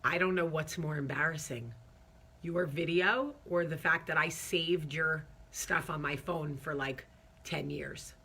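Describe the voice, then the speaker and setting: A woman's voice: a little high, sing-song, a little slow, sharp tone, husky, full character voice. Woman doing a teasing male movie star. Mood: low confiding. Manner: mock foreign accent, teasing. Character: male film star, teasing, amused, playful.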